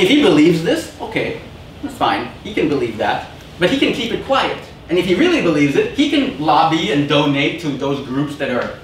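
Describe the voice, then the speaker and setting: Male guest lecturer, animated and conversational, distant mic, echoey hall. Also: on the high side. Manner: conversational, frequent "right?" and quoted voices. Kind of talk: academic lecture. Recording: echoey room, distant mic, faint noise.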